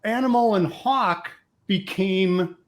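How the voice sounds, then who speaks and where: A man's voice: high voice, slow pace. A man hosting an interview podcast, reacting to his guest and asking questions. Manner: attentive listener, reacts with laughs. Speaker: podcast host.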